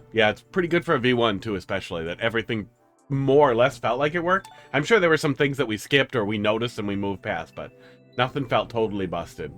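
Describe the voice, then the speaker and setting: A man's voice: lowish voice, fairly bright tone. A man streaming live, chatting casually with his viewers and cooing to his pets.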